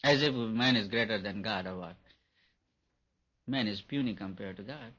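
A man's voice: fairly low pitch, normal speed, fairly bright tone, breathy edge. A man giving a spiritual talk on meditation, repeating his points for emphasis. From India. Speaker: meditation teacher. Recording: dull lo-fi recording.

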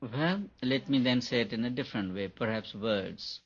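A man's voice: mid-range voice, normal speed. A man giving an earnest, repetitive meditation lecture as a spiritual teacher. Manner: earnest, repetitive and emphatic, laughs at his own points. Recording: dull lo-fi recording.

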